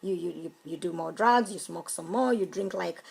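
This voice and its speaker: A woman's voice: on the low side, normal speed, gravelly, darkish tone, husky, low-quality recording. Emphatic woman coaching a live stream. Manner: emphatic, repeats key phrases, greets viewers mid-talk. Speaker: home business coach.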